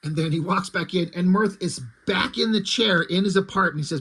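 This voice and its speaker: A man's voice: high voice, brisk, hardly any pauses, a bit bright, breathy edge. A man casually recapping a comic book's plot, rambling with lots of "like" and restarts. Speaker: comic book reviewer.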